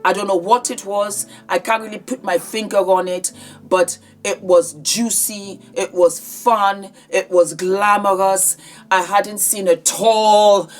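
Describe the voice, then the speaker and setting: A woman's voice: medium pitch, fairly even intonation, takes it slowly, faint music behind. A woman vlogger giving heartfelt, conversational commentary on celebrity news.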